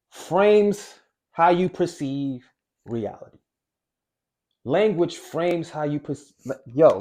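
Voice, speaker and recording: A weight-loss coach addresses the camera with casual motivation, his voice on the high side and a little mellow. Key phrases come back again and again, and he slows to lean on individual words.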